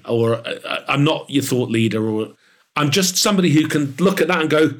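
A man being interviewed as an author, talking in an animated, enthusiastic way with plenty of fillers. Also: fairly high pitch, normal speed. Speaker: author and guest. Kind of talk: podcast interview.

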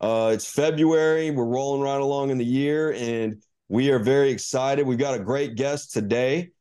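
A man hosting a business podcast, greeting listeners and introducing a guest in a relaxed, halting way with many fillers. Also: medium pitch, clean tone. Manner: hesitant, many ums and restarts. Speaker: podcast host. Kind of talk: casual interview hosting.

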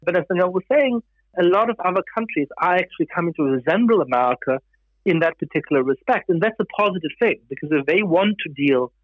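A man who grew up in Germany, a guest giving thoughtful, measured interview answers with some fillers. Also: high-pitched, expressive, no echo, narrow, tinny audio.

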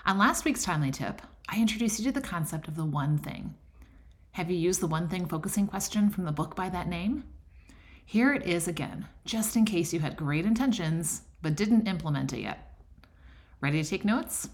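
A woman's voice: lowish voice, lively intonation, moderate pace, dry recording. A middle-aged woman hosting a faith-based podcast, talking in an encouraging, conversational way. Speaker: podcast host. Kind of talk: scripted podcast intro and casual teaching.

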